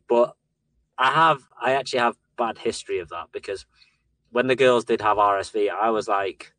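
Sweary, animated dad on a podcast. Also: male voice, on the low side, normal speed, no room sound. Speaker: podcast co-host. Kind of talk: casual chat.

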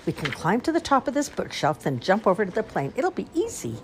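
A woman's voice: mid-range voice, huge pitch swings, brisk, a little hiss or hum, voice pushed up. A woman voicing Sarah, a bold, adventurous girl mouse who is eager and coaxing.

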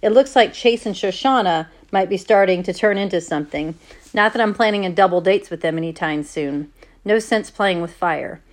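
A woman's voice: medium pitch, normal speed. A woman teacher reading a novel aloud to her class in a plain, conversational way.

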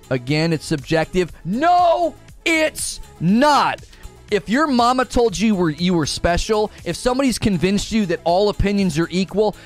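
A man hosting a livestream, ranting at his chat in an exasperated, sarcastic, mocking way. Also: on the high side. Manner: mock voices of chatters. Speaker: livestream host.

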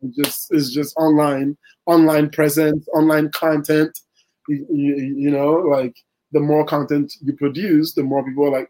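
Guest poet, male, chatty and rambling, voice a touch high. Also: flat delivery, a little slow, a little mellow, low-quality recording. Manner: rambling, many fillers and restarts. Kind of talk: casual interview talk.

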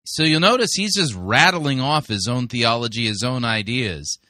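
A man delivering pointed, critical commentary on a sermon he has just played. His voice is bright and edgy and swings widely in pitch, and the sound is close and dry. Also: lively intonation, normal speed, no room sound. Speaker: host reviewing sermons.

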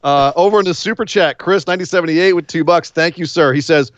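A man hosting a casual podcast chat, animated and sarcastic. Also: a little high, fast, no echo. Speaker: podcast host. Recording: slightly dull lo-fi sound.

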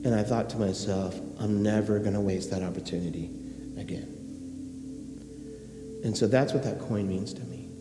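A man's voice: on the low side, steady tone, normal speed, long pauses, over music. A man preaching a sermon as pastor, telling a personal story and then acting out the characters before urging his church emphatically. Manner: storytelling, acts out characters, rising to emphatic exhortation. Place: church sanctuary. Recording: echoey hall with faint hum.

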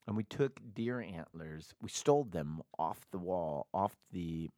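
A man's voice: low voice, a little slow, no room sound, clean studio sound. A man co-hosting a podcast, telling stories in casual chat, acting out voices and laughing often. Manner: animated storyteller, acts out voices and laughs often. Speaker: podcast co-host.

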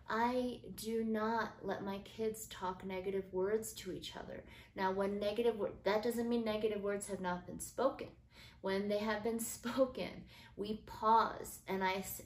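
A middle-aged woman hosting a podcast, talking earnestly and gently about parenting, with soft fillers and restarts. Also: mid-range voice. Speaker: podcast host. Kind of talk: casual faith-based parenting talk. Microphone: built-in phone mic. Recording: roomy phone recording with faint noise.

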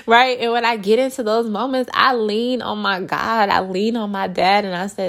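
A woman's voice: medium pitch, normal speed, hardly any pauses. A woman in her thirties giving an earnest, encouraging faith talk to her viewers, acting out little quotes as she goes. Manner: earnest, animated, acts out quotes. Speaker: christian vlogger.

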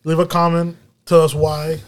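A man's voice: on the high side, monotone, moderate pace. A man co-hosting a podcast in casual chat, teasing and crude, who is not a native English speaker. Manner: teasing, crude jokes, laid-back. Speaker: podcast co-host. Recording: noisy recording.

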